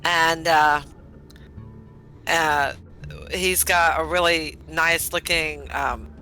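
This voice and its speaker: Woman player, bright tone, rambling and laughing, full of fillers. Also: low-pitched, steady tone, very slow, faint music behind. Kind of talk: tabletop game play.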